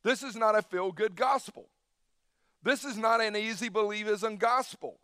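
Male pastor, high voice, dry close sound, emphatic sermon with casual slang. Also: moderate pace, sharp tone, clean tone, dry recording. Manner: emphatic preaching, acting out Jesus's words with casual slang.

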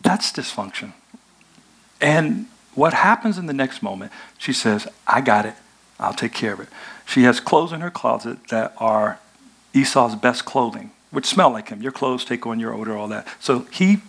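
A male pastor preaching a sermon, retelling a story in a conversational, animated way. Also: medium pitch, normal speed, vocal fry.

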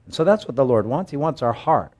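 A man preaching a verse-by-verse Bible sermon, conversational with frequent restarts, animated as he acts out quoted scripture. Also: medium pitch, quick pace. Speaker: pastor.

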